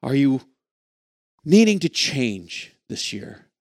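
A man's voice: mid-range voice, very animated, slow, no echo, studio quality. A man preaching a sermon in an earnest, reflective way, reading scripture and stumbling over a few words. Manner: earnest, reflective, with occasional restarts. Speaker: pastor.

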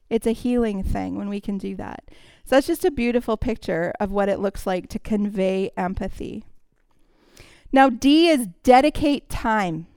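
Clear-voiced woman preaching conversationally. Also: a little high, no echo. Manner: warm, conversational teaching with acted quotes. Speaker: speaker in a church service. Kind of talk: sermon.

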